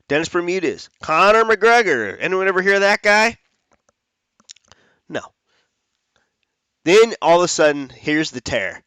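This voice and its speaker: On a dry recording, a man with a higher-pitched, fairly bright voice hosts an MMA fight-picks show. He chats casually about his fight predictions, rambling, restarting and correcting himself as he goes.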